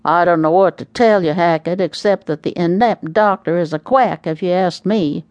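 A woman voicing a grumpy old father who talks bluntly and slowly in an audiobook. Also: lowish voice, a little mellow, no room sound, lo-fi sound, lightly acted. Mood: gruff.

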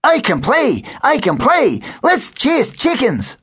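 A bouncy terrier pup from a children's storybook. He yaps in a squeaky, very high voice that leaps all over the place. He is eager and breathless to play. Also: huge pitch swings, takes it slowly, fairly bright tone, breathy edge, exaggerated voice. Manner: eager, yapping. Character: excitable male Scottish terrier puppy.

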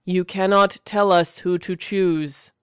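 A man voicing a stiff, judgmental alien being who talks in a slow, flat, mechanical way. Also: high voice, clear, resonant tone, no echo, clean studio sound. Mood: cold.

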